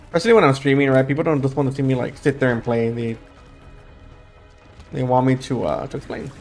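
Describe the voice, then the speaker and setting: A young man talks over his gameplay in a relaxed, rambling way, full of fillers and restarts. His throat is dry and his voice is sleepy from the late hour. Soft music plays faintly behind him. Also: mid-range voice, fairly quick. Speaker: gaming YouTuber. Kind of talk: casual gameplay commentary.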